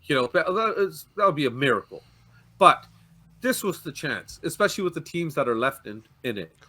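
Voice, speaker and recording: Bright-voiced dejected Canadian man ranting. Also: on the high side, sing-song, fairly quick, slightly rough. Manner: ranting, swearing, stammering restarts. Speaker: fan guest on a fan show. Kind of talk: heated fan-show chat.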